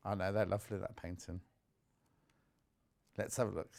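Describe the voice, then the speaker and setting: A man presenting on a live TV shopping show, chatty and excitable, jumping between asides. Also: low-pitched, normal speed, creaky. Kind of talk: live TV sales chat. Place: TV studio.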